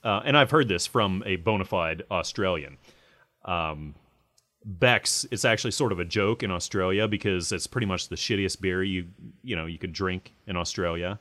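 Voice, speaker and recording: Casual podcast host, a man, lowish voice, rambling on a close mic. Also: normal speed, sharp tone. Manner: rambling, many fillers.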